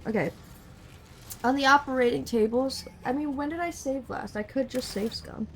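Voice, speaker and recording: A woman's voice: sits high, moderate pace, a little hiss or hum. A woman streaming a game, reading its narration aloud with chatty asides.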